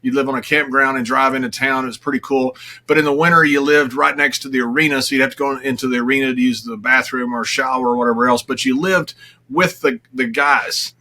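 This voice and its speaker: An older man, telling lively wrestling-road stories in a casual chat, laughing as he goes. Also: medium pitch, fast. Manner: laughing, animated anecdotes with quoted voices. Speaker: guest.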